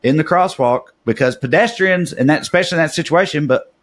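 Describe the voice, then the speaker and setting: A man's voice: on the high side, fast talker. A man, co-hosting a podcast and telling a story in casual chat, rambling with lots of fillers. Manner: rambling, many "like" fillers, animated retelling. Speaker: podcast co-host.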